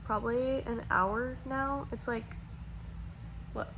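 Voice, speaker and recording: A woman's voice: a little high, steady tone, slow, fairly bright tone, slight background noise. Chatty young woman vlogging on her phone. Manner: chatty, rambling, lots of "like" and "literally". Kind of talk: casual vlog chat. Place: at home, in bed, and in a car.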